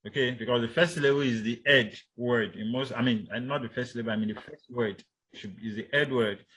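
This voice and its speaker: A man's voice: medium pitch, fairly quick, a bit bright, husky. A man teaching English stress patterns in a recorded lecture, hesitant with many fillers and restarts, repeating example words for drill. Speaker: instructor.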